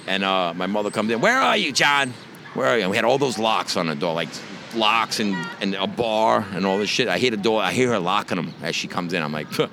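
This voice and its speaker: A man's voice: sits low, a little fast, few pauses. A middle-aged man from the Bronx with a New York accent, telling a rambling, profane story as a guest. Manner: rambling and profane, many restarts. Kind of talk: casual storytelling. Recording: noisy background.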